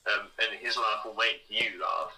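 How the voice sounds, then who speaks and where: A man's voice: lowish voice, fairly even intonation, normal speed, vocal fry, a crowd in the background, low-quality recording. A man co-hosting a podcast in casual chat, rambling with frequent ums and the odd swear word. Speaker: podcast co-host.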